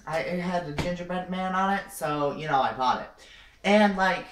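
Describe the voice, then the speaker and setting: A woman's voice: on the low side, normal speed, slight background noise. A young woman improvising a comic story time, rambling and dramatic, with lots of "like" and "you know". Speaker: vlogger. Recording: roomy, distant from the mic.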